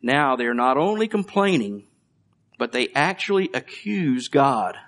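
A man's voice: mid-range voice, big pitch swings, unhurried, a bit bright. A middle-aged man preaching a conversational sermon, reading scripture and joking about his children. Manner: conversational, with light jokes and laughs. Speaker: pastor.

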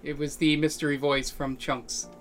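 A man narrating as game master of a tabletop game, rambling with many pauses and fillers. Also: fairly high pitch, little pitch movement, faint music behind. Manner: rambling, lots of ums and pauses.

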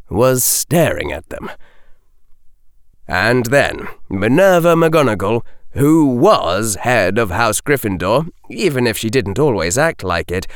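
A man narrates an audiobook at an unhurried pace. His pitch moves a great deal as he shapes each sentence. The recording is dry and close, with no room in it. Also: smooth, no echo. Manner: slow, measured and expressive. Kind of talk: scripted narration.

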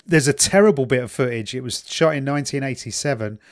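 A man's voice: medium pitch, quick pace. A man chatting casually as a podcast co-host, telling stories in a wry, sarcastic way. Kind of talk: casual chat.

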